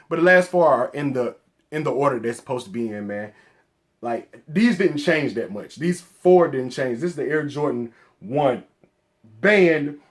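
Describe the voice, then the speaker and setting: Give me a Southern-accented man ranking sneakers. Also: on the high side. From Atlanta, Georgia. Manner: laid-back, peppers sentences with "man", excited bursts. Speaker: sneaker vlogger. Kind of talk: casual sneaker countdown vlog.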